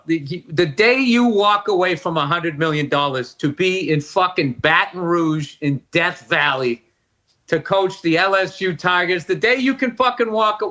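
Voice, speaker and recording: A man co-hosting a podcast, chatting about sports in an animated, profane way. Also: high voice. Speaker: podcast co-host. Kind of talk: casual sports chat.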